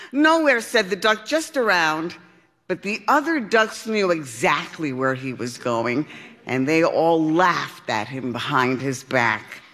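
A woman reading a storybook aloud, unhurried and expressive. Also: lowish voice. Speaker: storybook reader. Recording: long hall reverb.

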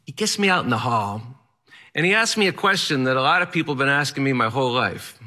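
A man's voice: mid-range voice, lively intonation, fast talker, pushed and bright. A man telling a personal story in the first person, candid and wry, in a matter-of-fact manner.

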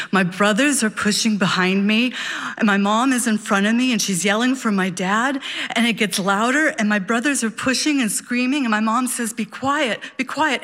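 A woman telling a personal story live on stage, vivid and animated. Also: mid-range voice. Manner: vivid, animated, childlike wonder.

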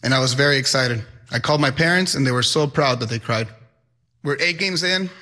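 Bright-voiced young man. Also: medium pitch, fairly quick. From Mexico. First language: Spanish. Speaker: high school Spanish teacher. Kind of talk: personal storytelling.

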